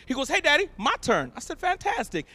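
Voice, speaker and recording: A man performing a stand-up comedy set, telling animated stories and shouting his punchlines. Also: very high voice, brisk, no room sound. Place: live event stage.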